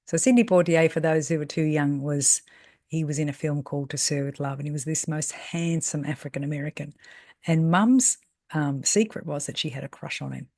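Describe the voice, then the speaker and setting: A woman's voice: low-pitched, brisk, darkish tone, no echo. Aussie lady in her 50s rambling through stories, lots of ums, dry close sound. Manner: chatty, rambling, with fillers and self-corrections; acts out voices in quoted speech. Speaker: salon business mentor. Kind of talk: casual storytelling monologue.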